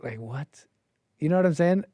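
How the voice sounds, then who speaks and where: A man hosting a call-in show, mocking and rambling as he riffs on the news. His voice sits a little high but sounds mellow. The recording is dry and close to the mic. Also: lively intonation, moderate pace, no echo. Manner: mocking, rambling, quotes people in silly voices. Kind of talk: casual on-air commentary.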